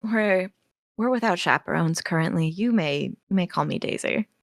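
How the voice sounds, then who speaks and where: A woman's voice: lowish voice, normal speed, no room sound, clean studio sound, lightly acted. A woman voicing a sly, teasing young noblewoman in a tabletop role-play.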